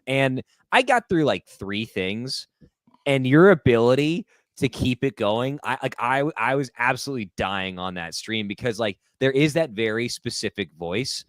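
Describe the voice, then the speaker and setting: A man's voice: medium pitch, animated, normal speed, no room sound. A man co-hosting a live tennis stream who also plays doubles, chatting in an easygoing way and fond of puns. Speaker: co-host and doubles player. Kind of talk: casual live-stream chat.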